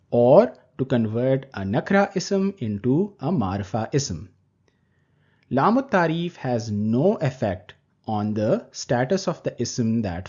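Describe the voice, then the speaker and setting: A man teaching Arabic grammar in a recorded lecture, explaining terms slowly and deliberately. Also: medium pitch, darkish tone, slightly rough. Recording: dull lo-fi recording.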